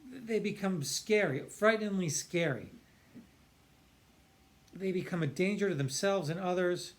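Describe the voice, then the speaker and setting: A man's voice: high voice, a little slow. A man, a psychiatrist, explaining earnestly and emphatically, stretching key words and often restarting his sentences. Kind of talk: explanatory talk to camera.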